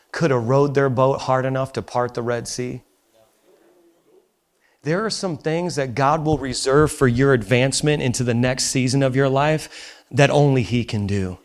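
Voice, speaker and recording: A man preaching a sermon in a church, impassioned, dropping to a hush and rising to near shouts. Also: medium pitch. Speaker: pastor. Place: church auditorium.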